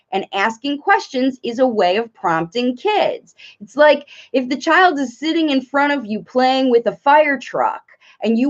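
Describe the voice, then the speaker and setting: A woman speech therapist and parent coach giving live Q&A advice, talking in an animated way and breaking into playful sing-song examples. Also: on the high side. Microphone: live stream. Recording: dull lo-fi livestream audio.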